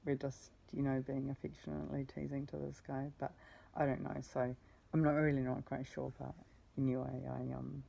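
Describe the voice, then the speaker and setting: A woman recounting her week in a rambling, self-correcting way, swearing now and then. Her voice sits low and flat, with a gravelly, mellow tone. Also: normal speed, lo-fi sound. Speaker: vlogger. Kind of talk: rambling personal storytelling.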